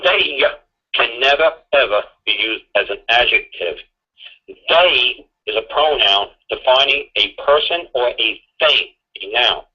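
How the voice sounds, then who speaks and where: A man's voice: medium pitch, lively intonation, a little slow, bright, forceful tone, slightly rough. A man on a call-in talk show, lecturing insistently with repeated rhetorical questions and some swearing, heard through a muffled lo-fi broadcast recording. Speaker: guest speaker on a call-in show. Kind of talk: emphatic talk radio lecture.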